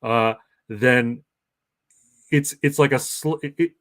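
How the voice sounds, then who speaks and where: A man's voice: mid-range voice, slow pace, a bit bright, no echo. Rambling man from Canada, dry sound. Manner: rambling, with many false starts and repeated words. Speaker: podcast host. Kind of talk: casual chat.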